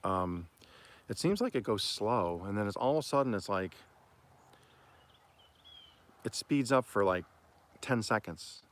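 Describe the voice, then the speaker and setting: A man from Oklahoma hosting a homestead livestream, telling stories in a rambling, folksy way and often clearing his throat. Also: on the low side, big pitch swings, normal speed. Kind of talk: casual storytelling on a livestream.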